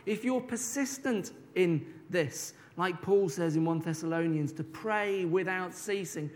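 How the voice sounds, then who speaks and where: Male preacher; high pitch, chatty sermon delivery with slow stressed words, reverberant hall. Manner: conversational, drawn-out emphasis on key words.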